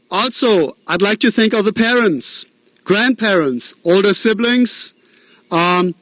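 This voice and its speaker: High-voiced principal giving a graduation welcome. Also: male voice, a bit bright, dry recording. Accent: Midwestern American. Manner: earnest, encouraging speech with fillers and self-deprecating asides. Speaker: school principal. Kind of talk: commencement welcoming address. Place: outdoor drive-in graduation ceremony.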